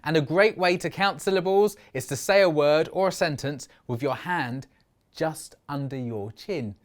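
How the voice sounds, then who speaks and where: A middle-aged man giving a lively poetry lesson for children, expressive and slowing down to sound out syllables. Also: on the high side.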